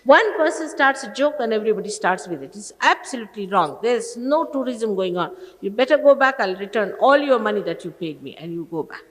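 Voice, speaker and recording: A woman's voice: fairly high pitch, animated, brisk, few pauses, big-room sound, low-quality recording. A woman in her sixties, a spiritual teacher sternly scolding a gathering of followers with exasperated rhetorical questions, on an archival talk recording. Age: 60s.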